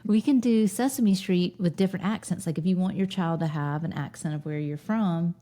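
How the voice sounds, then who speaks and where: A woman in her thirties with a Lowcountry Southern accent, co-hosting a podcast and telling wry, nostalgic stories with frequent laughter. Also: fairly quick, warm tone. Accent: Southern US (Lowcountry South Carolina). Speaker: podcast co-host. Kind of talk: casual nostalgic chat.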